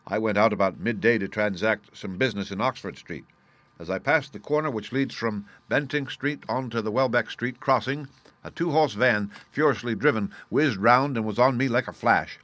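Figure: calm, ironic detective voiced by a man. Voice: bright, forceful. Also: on the low side, moderate pace, no room sound, lightly acted. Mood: composed. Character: calm, confident male detective. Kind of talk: audiobook reading.

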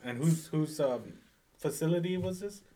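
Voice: medium pitch, normal speed, dark tone, a little hiss or hum. A co-host in a casual chat who teases and jokes with the guest and swears at times. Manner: teasing, joking, swears.

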